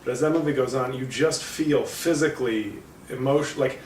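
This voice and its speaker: A man talks through a movie review in a loose, rambling way, stopping for fillers and correcting himself. His voice is mid-pitched and sounds distant from the mic. The room is echoey, with a faint noise underneath. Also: moderate pace. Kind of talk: casual spoken movie review.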